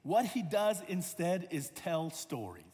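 A man preaching a sermon in a church, with dynamic delivery that swings from loud emphasis to hushed, low passages. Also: big pitch swings, slow. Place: church sanctuary. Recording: long hall reverb.

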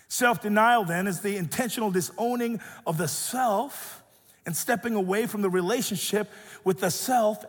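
Man, thirties, pastor, sermon with storytelling, animated, very lively pitch, long hall reverb. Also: husky. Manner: animated, acts out the voices in his story.

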